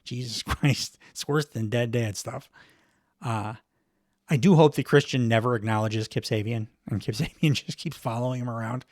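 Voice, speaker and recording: A man's voice: mid-range voice, steady tone, normal speed, darkish tone, no echo, studio quality. A middle-aged man hosting a podcast, giving a casual, wry wrestling recap full of fillers and chuckles. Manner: rambling, wry, chuckles often, many fillers. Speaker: podcast host.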